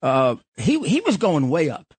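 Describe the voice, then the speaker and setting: A man's voice: on the high side, wildly swooping pitch, moderate pace, slightly rough, dry recording. A man hosting a political talk show, talking bluntly and rambling, with frequent restarts. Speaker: podcast host.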